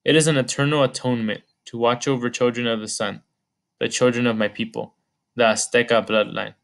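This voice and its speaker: A man reading the part of a sorrowful ancient female weeping spirit, gentle, solemn and pleading. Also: mid-range voice, little pitch movement, brisk, vocal fry.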